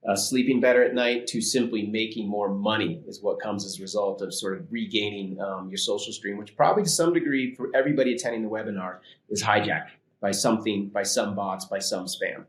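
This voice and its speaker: A man with a fairly low voice talks as a vendor guest on a live webinar. He sounds confident and salesy, dropping in fillers as he goes. The room around him is echoey. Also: a little fast, hardly any pauses.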